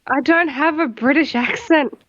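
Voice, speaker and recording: A woman's voice: sits high, normal speed, a bit bright, dry recording. A woman with an Australian accent in casual banter as a co-host, teasing and sarcastic, laughing a lot. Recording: dull lo-fi dry mic.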